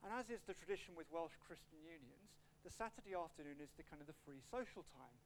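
A man's voice: a little high, fast talker, a little hiss or hum. A man preaching an expository sermon with a personal story, acting out quotes as he goes. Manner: animated, acts out quotes, shifts pace a lot.

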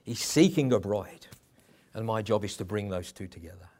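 A man's voice: lowish voice, moderate pace, darkish tone. A middle-aged man preaching a sermon in a conversational way, with chuckles and restarts.

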